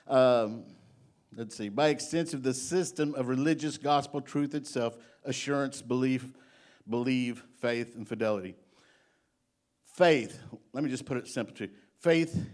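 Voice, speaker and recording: A middle-aged man preaching a sermon, stressing each point by repeating it and reading scripture slowly. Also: medium pitch, a little mellow.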